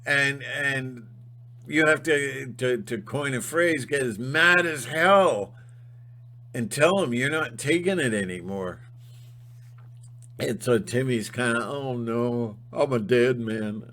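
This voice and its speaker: A man giving a rambling spiritual monologue, halting and restarting often. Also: mid-range voice, expressive, sharp tone. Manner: halting, full of fillers and restarts. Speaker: channel host.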